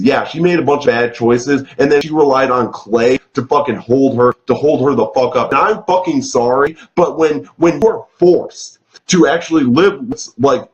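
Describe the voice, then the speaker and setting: A man's voice: medium pitch, normal speed. Male vlogger doing a swear-heavy rant review, recorded in an echoey room with a slightly dull sound. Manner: swears heavily, rants angrily with filler "like". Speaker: TV show reviewer. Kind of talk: profane ranting review.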